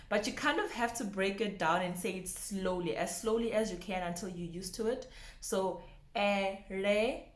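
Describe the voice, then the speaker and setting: A woman teaching a pronunciation lesson, slowly repeating each word with care. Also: medium pitch, echoey room. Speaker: language teacher.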